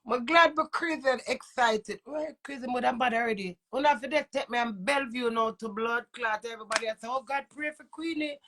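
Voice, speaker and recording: A woman's voice: fairly high pitch, a little fast, hardly any pauses, sharp tone, a little hiss or hum. A woman with a Jamaican accent and a runny nose, ranting in heated, profane patois. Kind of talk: angry rant to camera.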